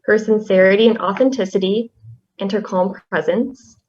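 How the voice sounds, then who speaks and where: A young woman, a class representative, reading a tribute poem in a soft-spoken, halting way with fillers. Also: medium pitch. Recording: slightly dull lo-fi audio.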